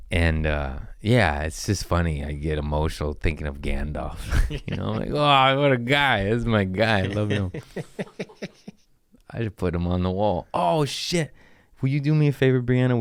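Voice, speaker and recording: A man's voice: lowish voice, clean tone, no room sound, studio quality. A man hosting a podcast from home, telling loose, jokey stories in casual chat with swearing and trailing asides. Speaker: podcast host. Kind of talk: casual rambling storytelling.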